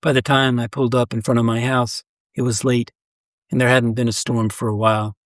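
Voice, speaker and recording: A man's voice: mid-range voice, flat delivery, fairly quick, no echo. Man reading a story, dry and close. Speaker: story reader. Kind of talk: scripted narration of a short story.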